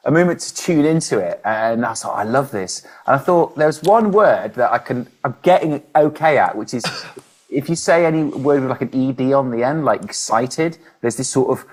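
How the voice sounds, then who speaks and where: A man's voice: medium pitch, expressive, normal speed. A man, a musician co-hosting a podcast, chatting in a wordy, self-mocking way. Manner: wordy, self-deprecating, rambling with fillers. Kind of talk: casual chat.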